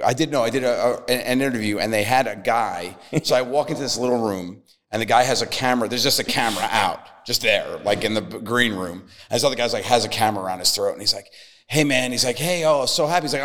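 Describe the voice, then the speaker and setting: A man's voice: on the low side, fast talker, fairly bright tone. A man guesting on a podcast, chatting casually and acting out other people's voices in his stories. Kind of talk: casual storytelling chat.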